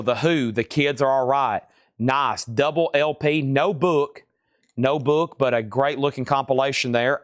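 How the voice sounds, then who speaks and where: A man hosting a live online vinyl record sale, calling out titles, prices and bids in quick patter. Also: medium pitch, dry recording, clean studio sound. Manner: rapid-fire auctioneer patter, hums tunes. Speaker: host. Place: record shop.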